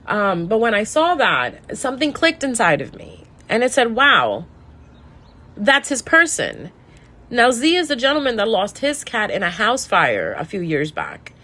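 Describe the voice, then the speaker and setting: A woman with a slightly high voice tells a personal story in a casual monologue. She sounds sad and close to tears, and often stops and restarts her sentences. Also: huge pitch swings, normal speed, few pauses, fairly bright tone. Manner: emotional, rambling with restarts. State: sad, tearful. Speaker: tarot reader.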